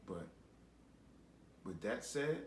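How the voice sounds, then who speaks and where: A man's voice: fairly low pitch, lively intonation, very slow, slight background noise. Rambling, preachy man in a roomy room. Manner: rambling and preachy, with repeated phrases. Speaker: vlogger. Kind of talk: casual commentary monologue. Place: home, seated in a chair.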